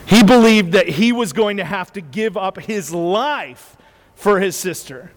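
A man preaching a sermon who tells stories in an animated way and often restarts his sentences. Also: sits high, measured pace. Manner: animated storytelling with many restarts. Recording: long hall reverb.

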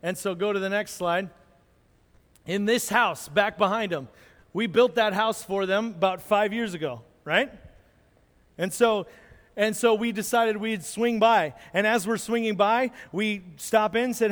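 High-voiced pastor telling a story. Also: male voice, measured pace. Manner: animated storyteller, acts out moments. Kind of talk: sermon storytelling with slides. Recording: long hall reverb.

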